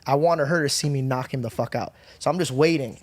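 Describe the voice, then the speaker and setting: Young adult man, podcast storyteller, blunt and salty, average pitch, dry studio mic. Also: fairly quick, no echo. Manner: candid, profane, animated retelling.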